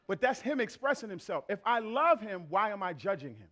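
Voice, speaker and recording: High-pitched middle-aged male pastor, lively storytelling preacher in a church. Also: brisk. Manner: animated storyteller acting out family dialogue. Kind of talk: sermon with comic anecdotes. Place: church sanctuary.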